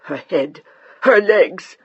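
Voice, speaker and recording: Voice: mid-range voice, expressive, slow pace, husky, dry recording, dull audio, heavily acted. A narrator voicing an older French woman, a stern, grieving mother-in-law with a French accent and clipped, formal English. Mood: wailing.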